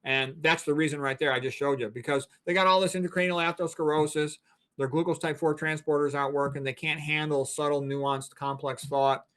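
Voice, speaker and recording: A man's voice: on the high side, fairly even intonation, fairly quick, a bit bright, clear, resonant tone. A man in his sixties, a physician and guest, explaining things in a blunt, emphatic, lecturing way. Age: 60s. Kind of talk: interview talk.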